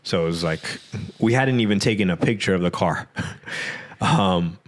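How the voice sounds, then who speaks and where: Male podcast guest, low voice, loose rambling storyteller, lots of fillers. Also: moderate pace. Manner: rambling, many "like" fillers, acts out quotes. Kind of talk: casual storytelling.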